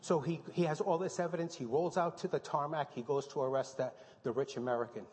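Man, pastor, sermon, animated storytelling, frequent restarts, church hall reverb. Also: on the high side, brisk.

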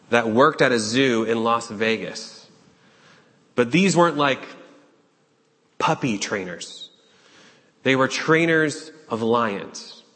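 A man's voice: mid-range voice, a bit bright. Man preaching urgently in a reverberant hall. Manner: urgent, questioning, with dramatic pauses. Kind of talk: sermon. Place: church sanctuary.

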